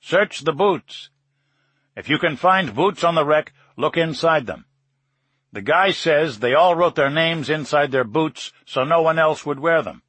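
Give me a man acting out a plain-spoken boat captain in a slow, dry, matter-of-fact read. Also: a little high, a bit bright, breathy edge, no room sound, voice pushed up. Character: blunt male dive boat captain.

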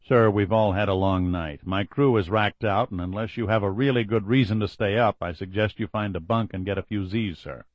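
A man playing a gruff, tired Coast Guard petty officer with a growling, blunt delivery. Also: lowish voice, brisk, few pauses, lo-fi sound, natural voice. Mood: firm.

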